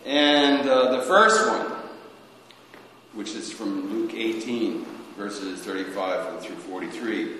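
A man preaching a sermon as a priest, slow and halting, often restarting his sentences. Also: lowish voice, sharp tone, slight background noise. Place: church. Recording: echoey church with long reverb.

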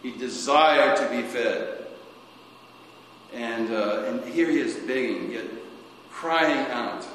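A man preaching a sermon, speaking slowly and haltingly, rising suddenly and then dropping softly. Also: medium pitch. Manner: slow, halting, with sudden rises and soft drops. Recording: echoey church hall, faint noise.

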